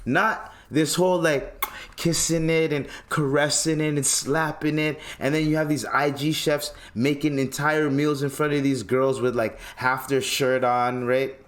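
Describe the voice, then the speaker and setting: A man's voice: fairly high pitch, steady tone, unhurried. A young man from Toronto with a Toronto accent, hosting a podcast and ranting in a solo monologue, exasperated, profane and mocking. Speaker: podcast host.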